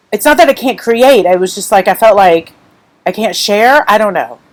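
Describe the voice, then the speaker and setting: A woman chats unscripted to her live-stream viewers from home, her talk candid and wandering. She sounds emotional and on the edge of tears. Her voice sits at an ordinary middle pitch. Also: lively intonation, normal speed, poor audio. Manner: candid, rambling, emotional, fighting back tears. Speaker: craft artist hosting a live stream.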